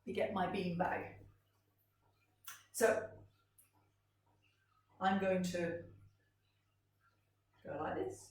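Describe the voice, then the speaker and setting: A woman music teacher leading a gentle, encouraging vocal warm-up lesson for children, in a sing-song way. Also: lowish voice, little pitch movement, extremely slow, pauses often, far from the mic. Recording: roomy sound from off-mic.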